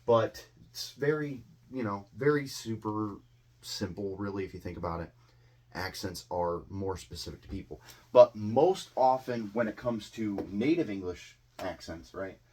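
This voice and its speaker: Low-voiced Midwestern man teaching. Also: measured pace, warm tone, breathy edge. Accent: American Midwestern. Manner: conversational, tag questions and fillers. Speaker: English teacher. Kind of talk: casual explanatory lesson.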